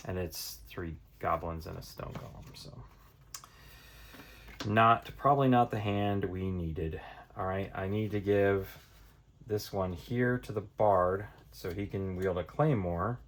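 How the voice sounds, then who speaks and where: A man's voice: low voice, slow pace, fairly bright tone. A man casually playing through a tabletop card game, thinking aloud and counting cards as he goes. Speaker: board game reviewer. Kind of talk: casual tabletop playthrough tutorial.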